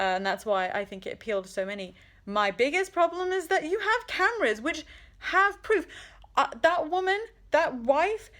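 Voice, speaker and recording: A woman's voice: high voice, fairly bright tone. A woman with a slightly raised voice talks back at a horror film she's watching. She's exasperated and sarcastic, and she swears freely. It's loose, casual commentary recorded at home. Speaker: vlogger. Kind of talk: casual movie reaction commentary. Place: indoors at home.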